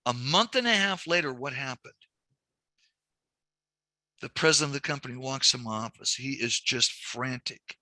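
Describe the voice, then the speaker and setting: Man, banking instructor, very bright voice, dry close sound, animated storytelling. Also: medium pitch, moderate pace, pauses often, no room sound. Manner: animated storytelling with quoted dialogue; explains numbers step by step. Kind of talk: recorded training lecture.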